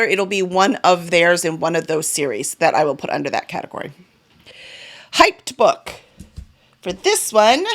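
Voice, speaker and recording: A woman with a medium-pitched, fairly bright voice talks through her reading plans in a casual vlog. She's a book vlogger and publisher, and her eager, chatty delivery includes fillers and small self-corrections.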